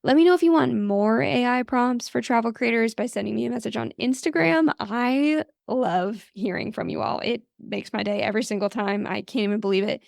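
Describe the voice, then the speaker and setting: A woman podcast host with a fairly high voice and a heavy vocal fry, sounding tired late at night. She talks in a chatty, upbeat way into a close microphone in a dry, deadened space. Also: a little fast, hardly any pauses, a little mellow, dry recording. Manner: chatty and upbeat, laughs at herself. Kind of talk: podcast outro and shout-out.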